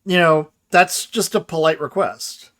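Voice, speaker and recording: A man teaches grammar over a casual livestream, with a voice pitched a little higher than most men's. He explains in a loose, conversational way, reading out chat questions and often checking in with the audience. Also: unhurried, fairly bright tone. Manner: casual explanatory, reads chat questions aloud, frequent "right?". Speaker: grammar lecturer. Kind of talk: livestreamed lecture with chat replies.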